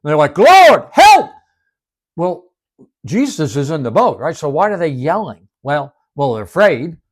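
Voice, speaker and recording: A man teaching the Bible as a sermon, retelling its stories dramatically and dropping to hushed whispers to make his point. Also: a little high, big pitch swings, fairly quick. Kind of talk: expressive Bible-study sermon.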